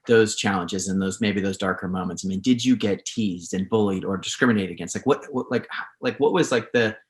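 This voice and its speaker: A man's voice: on the low side, fairly quick. A man hosting a casual interview who often trails off and restarts his sentences as he searches for the words. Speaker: podcast host. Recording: echoey room.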